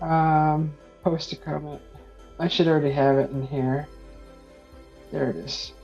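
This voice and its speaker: A woman's voice: sits low, level tone, a little slow, dark tone, dull audio, soft background music. A woman hosting a paint-and-chat live stream who laughs often and fumbles a little with the setup. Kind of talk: casual chat.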